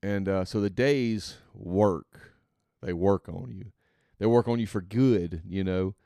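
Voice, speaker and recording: A man with a low, resonant voice talks through his thoughts in a soft-spoken, meandering way, pausing and restarting as he goes. The sound is close and dry, with no room around it. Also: no room sound. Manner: rambling and halting, thinks aloud. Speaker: podcast host and father. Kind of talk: reflective faith podcast monologue.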